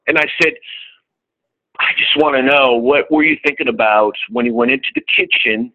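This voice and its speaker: A man's voice: mid-range voice, sing-song, a little fast, gravelly, dull audio. A middle-aged man, an insurance salesman, telling a group about his sales calls in a candid, profane way and acting out both sides of each conversation. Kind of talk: casual storytelling to a group.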